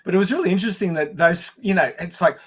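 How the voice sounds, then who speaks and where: A man co-hosting a podcast in casual chat, animated and laughing often, restarting sentences as he talks. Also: high voice, quick pace, slightly rough. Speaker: podcast co-host.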